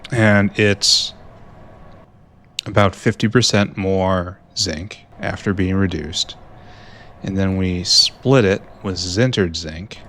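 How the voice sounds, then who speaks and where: A man's voice: deep voice, takes it slowly, fairly bright tone, slight background noise. A man thinking aloud in casual commentary while playing a game, musing and mocking himself. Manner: musing, talks to himself, dry self-mockery. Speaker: gameplay streamer.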